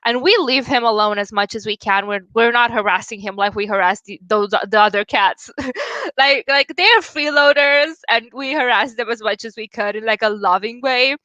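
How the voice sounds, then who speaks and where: A woman's voice: on the high side, normal speed, bright, forceful tone, no room sound, dull audio. A young woman chatting casually with viewers on a livestream, giggling often as she reads and answers comments. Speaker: livestream host.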